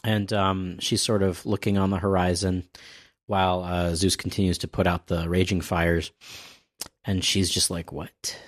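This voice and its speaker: A man's voice: deep voice, level tone, moderate pace. A man casually recapping a comic chapter on a podcast, rambling with fillers and cracking self-deprecating jokes.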